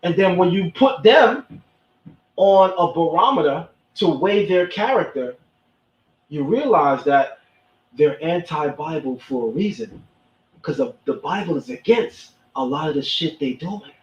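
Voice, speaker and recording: A man delivering preachy commentary with emphasis, often repeating a line to hammer it home. His voice sits a little high and comes through an echoey, muffled recording from some distance off the mic. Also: lively intonation, a little slow. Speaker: host. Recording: echoey, distant, dull sound.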